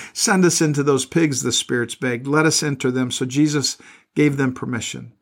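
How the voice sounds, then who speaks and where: A middle-aged male pastor reading scripture aloud and breaking off into plain, earnest commentary, often repeating words as he goes. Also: medium pitch.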